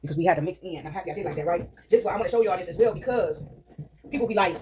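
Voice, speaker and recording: A woman's voice: on the low side, very fast, crowd noise. A middle-aged woman vlogging casually while baking in her kitchen, chatting to viewers and asking "right?" often. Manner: chatty, addresses viewers as y'all, frequent tag questions. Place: home kitchen. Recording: loud background noise.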